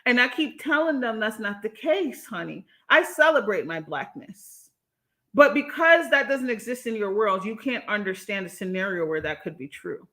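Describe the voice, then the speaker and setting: A young woman livestreaming, reading chat and ranting in a sassy, animated way, laughing between her points. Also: mid-range voice, normal speed. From Jamaica. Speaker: YouTuber reading live chat. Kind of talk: live-stream commentary.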